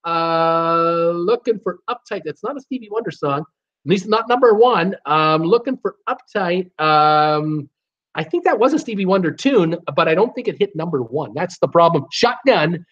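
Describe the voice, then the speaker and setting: A man runs a live trivia game, reading out viewer guesses in a halting way with many fillers. He sometimes half-sings a song title. The stream audio is dull and lo-fi. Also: sits high, lively intonation, a bit bright. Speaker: live trivia show host.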